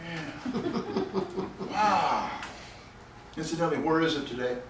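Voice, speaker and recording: A man teaching a Bible class, chuckling and animated as he tells the story and reads scripture aloud. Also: a little high, slow pace, background noise. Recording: echoey room, voice from a distance.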